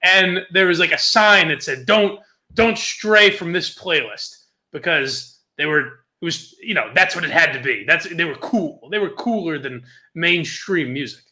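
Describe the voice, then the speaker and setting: A man's voice: on the high side, measured pace. A young man co-hosting a podcast, telling a story casually with lots of laughter and swearing. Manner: laughs often, swears, animated retelling.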